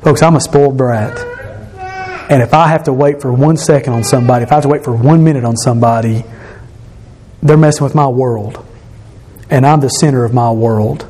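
A man's voice: mid-range voice, brisk, long pauses, mellow, a little hiss or hum. A middle-aged man preaching a candid, self-deprecating evening sermon in a church, sighing between points. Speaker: pastor. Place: church sanctuary.

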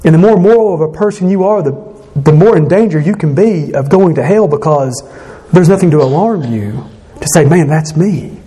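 A man's voice: on the high side, lively intonation, fairly quick, mellow. A man, a pastor, preaching an earnest and emphatic sermon in a conversational way, often restarting and correcting himself as he goes.

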